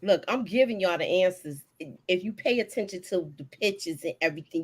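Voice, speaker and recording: A woman's voice: lowish voice, brisk, few pauses. Chatty woman hosting a live recap. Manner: animated, chatty, greets viewers, laughs often. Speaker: live stream host. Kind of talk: casual live recap chat.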